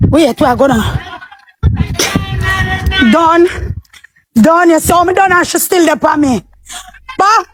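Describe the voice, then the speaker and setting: A Jamaican woman with a very high, piercing voice delivers a heated, confrontational livestream rant. She is loud and profane, and she calls out and threatens her rivals. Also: expressive, measured pace, pauses often, dry recording, studio quality. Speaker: livestream host.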